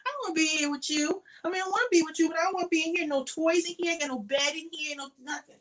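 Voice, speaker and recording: A woman's voice: very high voice, steady tone, racing, voice pushed up. A woman voicing her pet dog as a whiny, homesick female dog who pleads and complains.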